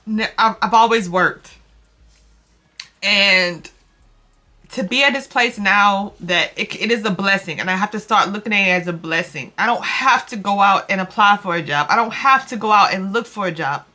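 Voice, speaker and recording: A woman's voice: medium pitch, moderate pace, pushed and bright. A young woman talking to her viewers in a confessional vlog. She is close to tears, restarts and repeats herself, and calls her viewers y'all. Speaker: vlogger.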